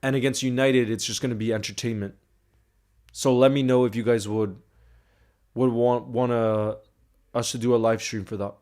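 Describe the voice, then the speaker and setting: A man's voice: mid-range voice, steady tone, normal speed, pauses often, a little mellow. Young man chatting on a livestream. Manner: chatty, greets viewers by name. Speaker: livestream host. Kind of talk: casual live-stream chat reading comments.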